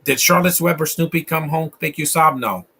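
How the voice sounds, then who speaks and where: A man with a Latino accent hosts a casual live stream, chatting about films while they play. He rambles and keeps restarting his sentences, and he gets worked up about bad accents. His voice is bright and a little husky. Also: a little high, normal speed. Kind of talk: casual film commentary.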